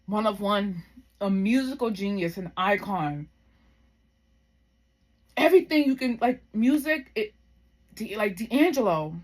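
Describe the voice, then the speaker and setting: A woman in her thirties shares a personal story to camera. Her pitch sits mid-range, and she talks in a loose, heartfelt way. She drifts between thoughts with plenty of "like" and "um". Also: lively intonation, unhurried, long pauses. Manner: heartfelt, reflective, rambling with many fillers. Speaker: vlogger.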